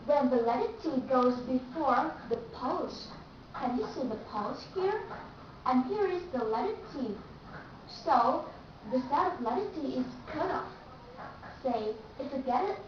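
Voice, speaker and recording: A woman giving a slow, careful English pronunciation lesson and repeating the example words. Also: sits high, noisy background. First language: Vietnamese. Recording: echoey room, distant mic, dull and lo-fi.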